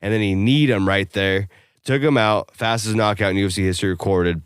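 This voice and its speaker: A man's voice: fairly low pitch, a little fast, smooth, dry recording, clean studio sound. A man co-hosting a podcast, talking casually and profanely, rambling through a story with lots of fillers. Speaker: podcast co-host. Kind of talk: casual chat.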